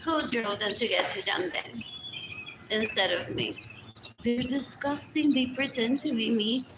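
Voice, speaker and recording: A woman's voice: on the high side, a little slow, noisy background. Woman livestreamer, rambling and repetitive, in an echoey space with birds. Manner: rambling, repeats phrases over and over. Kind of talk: rambling live stream monologue. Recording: roomy echo with loud birdsong.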